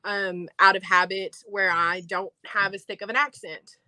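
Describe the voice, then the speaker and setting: A woman in her twenties with an Appalachian accent, a guest in a casual interview who talks fast, enunciates carefully and laughs easily. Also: mid-range voice, level tone, bright, forceful tone, no room sound, rough recording. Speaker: guest, infant toddler teacher and theater director.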